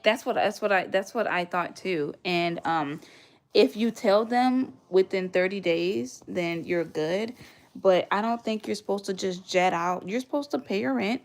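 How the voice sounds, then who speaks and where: Chatty woman livestreaming from home. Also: mid-range voice. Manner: chatty storyteller, thanks viewers for gifts mid-story. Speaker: livestream host. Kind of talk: casual livestream chat. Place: home, near a radiator.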